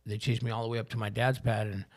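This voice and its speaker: A man's voice: lowish voice, level tone, quick pace, vocal fry. A man telling his recovery story as a podcast guest, in rambling street slang full of swearing. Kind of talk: personal recovery story in casual talk.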